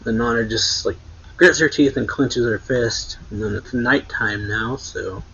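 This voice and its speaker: A man's voice: medium pitch, measured pace, vocal fry, pushed and bright, slightly rough, lo-fi sound. A man casually recapping a story in a loose, rambling way, often correcting himself. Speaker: manga reaction host.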